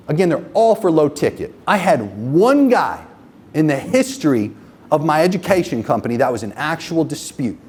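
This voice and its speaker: A man presenting a live sales-and-marketing seminar to a room of business owners, with a raised, lively pitch that jumps around a lot. He talks bluntly and swears freely, constantly checking in with the crowd. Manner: profane, emphatic, asks the audience constant checking questions.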